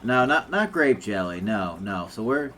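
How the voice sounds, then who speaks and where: Laid-back joking player, low voice. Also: male voice, sing-song, measured pace, pushed and bright, a little hiss or hum. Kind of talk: casual tabletop play.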